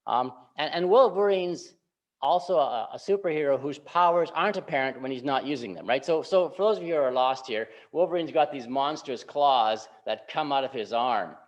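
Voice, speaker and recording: A male pastor giving a relaxed, conversational sermon, often checking in with the congregation by asking "right?". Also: mid-range voice. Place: church sanctuary. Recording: slightly muffled church recording.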